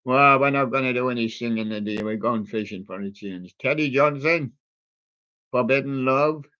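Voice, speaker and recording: A man hosting a livestream, chatting slowly and jokily as he reads out a list of old songs, with many ums and rambling asides. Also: mid-range voice, sharp tone, muffled recording. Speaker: livestream host reading out a music playlist. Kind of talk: casual running commentary between old songs.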